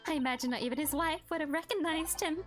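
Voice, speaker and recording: A woman's voice: high-pitched, fast, voice pushed up, lightly acted. A woman reading the lines of a polite young female assistant in a prim, courteous way over background music. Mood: admiring.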